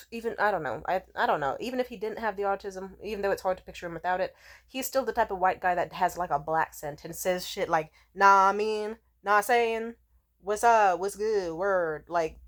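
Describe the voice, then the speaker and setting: A young adult woman vlogger in a casual monologue, rambling and profane as she tells stories with animation. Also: medium pitch.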